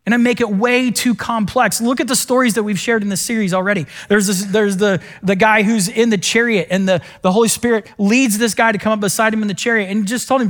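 High-voiced, conversational male pastor. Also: fairly quick. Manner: conversational, self-deprecating, animated storytelling. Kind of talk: sermon.

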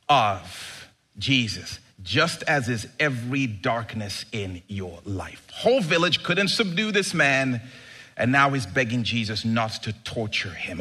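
A male pastor preaching a sermon in an animated, emphatic way, with sudden bursts of excitement. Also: medium pitch, takes it slowly, breathy edge.

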